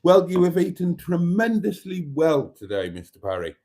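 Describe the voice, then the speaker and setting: A man's voice: high voice, very animated, moderate pace, mellow. A man hosting a casual livestream, reading viewer comments aloud in a chatty, playful way and repeating items back to callers. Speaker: livestream host.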